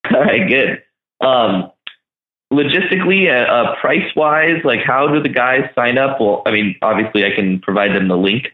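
A man's voice: mid-range voice, normal speed. A man hosting a casual chat, laid-back and rambling with lots of fillers. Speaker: host. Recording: echoey, phone-like line.

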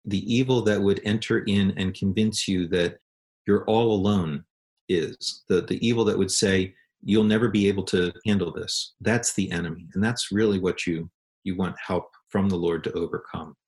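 A man's voice: sits low, steady tone, moderate pace, darkish tone. A middle-aged man, a pastor and counselor, telling a personal story in an earnest, self-deprecating way, sometimes stammering over restarts. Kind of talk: reflective storytelling talk.

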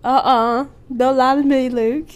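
A woman reading the part of a blunt, rude young man in a fan story, slow and giggly, swearing as she goes. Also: high-pitched, fairly even intonation. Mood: mocking.

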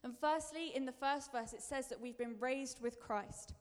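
A woman's voice: high voice, normal speed. A woman preacher giving a sermon in a chatty, self-deprecating way, building to emphatic bursts. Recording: long reverb of a large hall.

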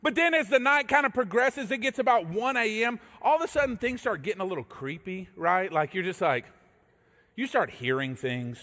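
Man, pastor, sermon, animated storyteller, acts out voices, high voice, long hall reverb. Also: normal speed.

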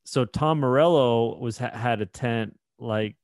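A man's voice: mid-range voice, a little slow, a little mellow, no echo, clean studio sound. A man co-hosting a podcast, telling a rambling anecdote in casual chat, with many restarts and bursts of laughter. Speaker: podcast co-host.

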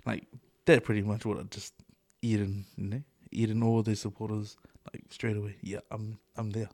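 A middle-aged New Zealand man talks in a fairly low voice, loose and chatty, swearing and laughing as he goes. The sound is dry and close, with no room around it. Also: little pitch movement, moderate pace, a little mellow, no echo. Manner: loose, swears a lot, laughs often, fillers like "eh" and "bro". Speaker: podcast co-host. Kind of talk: casual chat.

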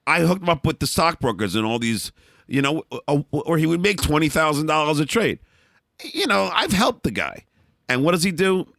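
A middle-aged man as an interview guest, telling candid stories in a blunt, animated way, often restarting and repeating words. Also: fairly high pitch, normal speed, creaky, no echo, studio quality. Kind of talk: candid storytelling in a conversation.

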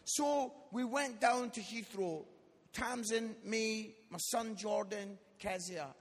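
Scottish preacher in his forties, comic storyteller, husky and high, live church recording with hall echo. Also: takes it slowly. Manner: jokey, tags lines with "yeah?", acts out quotes. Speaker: guest preacher. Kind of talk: humorous storytelling sermon.

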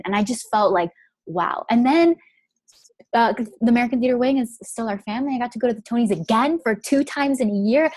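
A woman's voice: fairly high pitch, a little fast, a little mellow, no echo. Chatty young woman telling her story. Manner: chatty, fills speech with "like". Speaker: guest. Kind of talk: personal storytelling.

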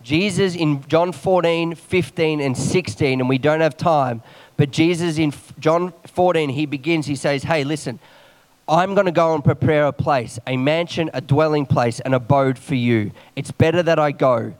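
A man preaching a morning sermon quickly, reading scripture aloud and adding quick asides and jokes. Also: on the high side.

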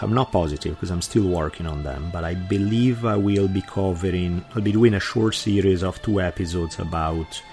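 A man's voice: deep voice, darkish tone. A man with an Italian accent hosting a podcast, chatting informally and thinking aloud as he wraps up an episode. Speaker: podcast host. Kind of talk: solo podcast outro.

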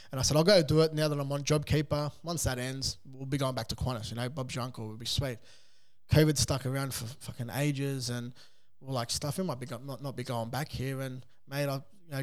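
A man in his thirties with an Australian accent, chatting casually about his coffee van in a home studio, relaxed, swearing and laughing often. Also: mid-range voice, clean tone. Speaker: podcast guest, coffee van owner. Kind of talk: casual interview chat.

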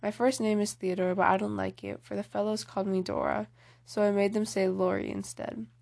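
A woman's voice: mid-range voice, flat delivery, fairly quick, vocal fry, darkish tone, close to an everyday voice. A woman reading as a blunt, hearty tomboy girl. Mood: frank. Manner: outspoken, hearty. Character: spirited tomboyish teenage girl, blunt and eager.

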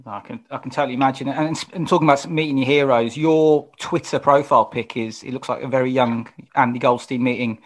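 A man hosting a casual interview, setting up questions and reading out match details in a relaxed way. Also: mid-range voice. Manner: relaxed, reads match details, quick backchannels. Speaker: podcast host.

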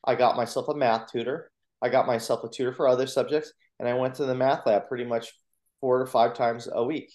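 A man's voice: medium pitch, fairly quick. Earnest man telling his story, roomy sound. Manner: earnest, animated retelling with acted quotes. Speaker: motivational coach and speaker. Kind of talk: personal storytelling in a podcast interview. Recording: roomy echo.

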